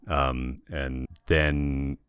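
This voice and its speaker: A man co-hosts a gaming podcast in halting, unhurried chat. His voice is extremely deep and he speaks slowly. The recording is dry and close. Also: little pitch movement, a bit bright, clean tone, no echo. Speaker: podcast co-host. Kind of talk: casual chat.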